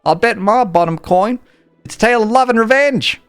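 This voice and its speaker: A man's voice: high voice, fairly quick, a bit bright, clean tone, no room sound, faint music behind, pitched above the performer's own voice. A man voicing a boastful, gossiping male tavern keeper in a put-on Australian accent, with folksy slang. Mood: gossipy. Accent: mock Australian.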